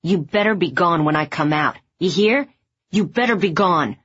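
A woman voicing a young former policeman who speaks curtly and firmly, with a husky voice on a dull lo-fi recording. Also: fairly low pitch, moderate pace. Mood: angry. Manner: curt, firm. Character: young man, angry protective ex-cop.

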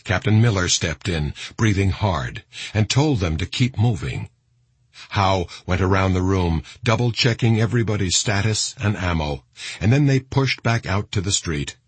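Deep, very husky male narrator. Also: animated, moderate pace, no room sound. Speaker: audiobook narrator. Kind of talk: scripted narration.

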